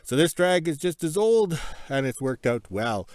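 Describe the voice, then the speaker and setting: A man's voice: a little high, very animated, moderate pace, darkish tone, no room sound. Rambling folksy man, dry sound. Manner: rambling, folksy, self-correcting. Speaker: vlogger, homesteader. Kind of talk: casual walk-around narration. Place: workshop and yard in the cold north.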